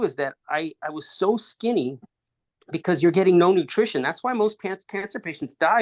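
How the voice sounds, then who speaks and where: A man telling a personal story as a podcast guest, in halting phrases with restarts, acting out quoted dialogue. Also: on the high side.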